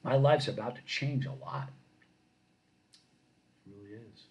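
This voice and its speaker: A middle-aged man hosting a casual live stream, reading viewer comments and telling lively stories that grow loud when he gets excited. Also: mid-range voice, unhurried, rough recording. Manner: animated storyteller, rising loud when excited.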